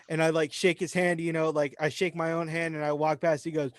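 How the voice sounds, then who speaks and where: A man's voice: a little high, fairly even intonation, fast talker, few pauses, no echo, studio quality. A young man, casually telling a profane, joking story as a podcast co-host. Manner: storytelling, swearing, laughing often. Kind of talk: casual chat.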